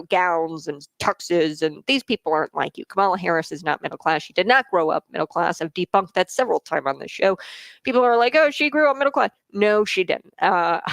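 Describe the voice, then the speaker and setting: A radio talk show host delivers opinion commentary in a gravelly, creaky voice. The host hammers the same points again and again, with many "uh" fillers. It is a dry studio sound with no room echo. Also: medium pitch, a bit bright. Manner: emphatic, repeats points, fillers.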